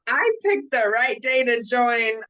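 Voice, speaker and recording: A fairly high-voiced woman chats freely and pokes fun at herself, filling her talk with "like" and "um." The call audio sounds a bit dull and muffled. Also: lively intonation, takes it slowly, bright, forceful tone. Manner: chatty, self-mocking, lots of "like" and "um". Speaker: English learner. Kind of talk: casual online group chat.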